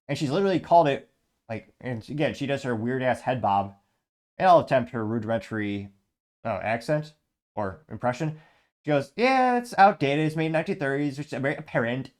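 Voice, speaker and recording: A man's voice: mid-range voice, a little mellow. A man hosting a show in casual commentary, reading viewer comments aloud with sarcastic asides and frequent laughs. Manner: sarcastic, laughs often, restarts. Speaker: host.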